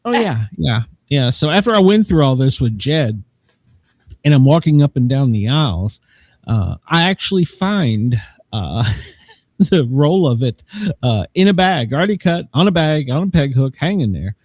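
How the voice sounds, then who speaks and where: Animated rambling man. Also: medium pitch, normal speed, dry recording, clean studio sound. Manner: rambling, self-mocking, laughs often. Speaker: podcast host. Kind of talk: casual chat.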